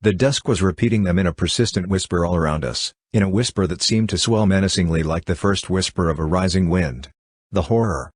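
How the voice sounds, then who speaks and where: A man narrating a literary audiobook in a measured, somber reading. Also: low voice, slightly rough, no room sound.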